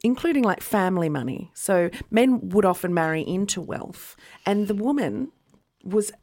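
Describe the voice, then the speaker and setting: While rocking a baby, a podcast co-host tells a history story casually in a medium-pitched, expressive, slightly mellow voice at a moderate pace. She's chatty and explains things step by step, checking in with "okay" a lot.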